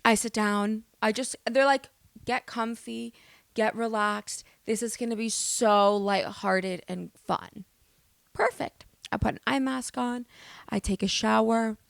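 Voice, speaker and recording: A young woman from the United States, hosting a podcast and telling stories in a loud, animated, swearing way. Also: fairly high pitch, unhurried, creaky, dry recording. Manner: animated, swearing, exaggerated storytelling. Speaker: podcast host. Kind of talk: casual storytelling monologue.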